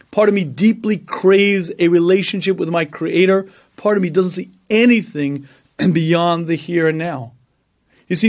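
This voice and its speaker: A man delivering a lively religious lecture with a slightly higher voice. He tells stories with animation, acts out the voices of the people in them, and clears his throat often between phrases. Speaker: rabbi and lecturer. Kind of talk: Torah lecture.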